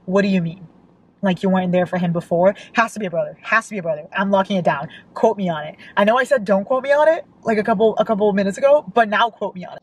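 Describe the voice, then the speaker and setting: A woman's voice: fairly low pitch, fairly quick, a little mellow, slight background noise, poor audio. A young woman reading a novel aloud and reacting with emotional outbursts, as a book vlogger.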